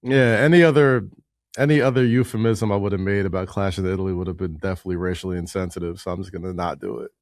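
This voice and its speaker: A young man from New York co-hosting a podcast, playful and quick to laugh in casual chat. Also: sits low, no echo, studio quality. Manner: laughing, playful, lively ups and downs. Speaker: podcast co-host.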